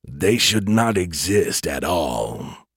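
A man voicing a slow, cold robotic AI. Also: sing-song, breathy edge, no echo, clean studio sound, heavily acted. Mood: cold, mechanical. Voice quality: mechanical, slow, low. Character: cold robotic male alien AI, menacing, flat.

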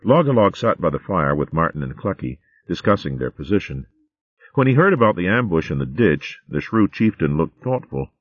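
A man narrating a storybook in an animated, expressive way. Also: low voice, normal speed, no room sound. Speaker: audiobook narrator. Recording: phone-like dry audio.

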